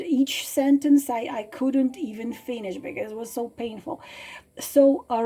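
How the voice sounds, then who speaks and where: A woman with a delivery, speaking softly and emotionally, with frequent fillers, as she guides listeners through a self-healing writing exercise. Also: high-pitched, husky. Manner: emotional, soft, halting with fillers. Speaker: tarot reader. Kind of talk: casual guided exercise talk.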